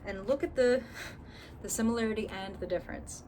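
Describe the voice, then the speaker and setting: A woman's voice: medium pitch, normal speed, a little mellow, a little hiss or hum. A woman giving a casual tarot reading to camera, chatty and candid, swearing freely and acting out people's inner thoughts. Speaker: tarot reader.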